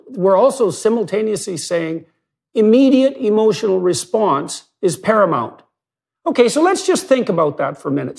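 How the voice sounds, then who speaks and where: A middle-aged man speaking as a psychologist, his voice high and gravelly. He lectures emphatically, asks question after question and leaps upward in pitch to stress a point. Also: a little mellow. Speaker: psychologist in conversation. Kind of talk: lecture-like discussion.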